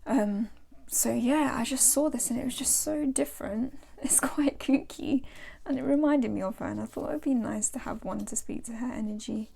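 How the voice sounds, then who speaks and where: A woman's voice: on the high side, normal speed, gravelly, dark tone, slight background noise. A woman chatting casually as a tarot vlogger, rambling and laughing as she shows her decks. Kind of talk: casual show-and-tell chat. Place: home.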